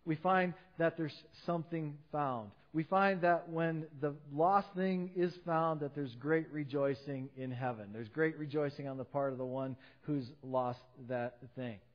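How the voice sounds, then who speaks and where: A middle-aged man pastor preaching a sermon, swinging between loud emphatic peaks and low quiet drops. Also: a little slow, hardly any pauses. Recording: dull sound with long hall reverb.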